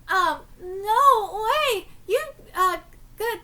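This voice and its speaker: Woman streamer yelling at a manga, very high pitched, super bright, swings all over. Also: slow. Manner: loud, excited outbursts with swearing. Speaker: streamer reading manga aloud. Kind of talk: live manga reaction.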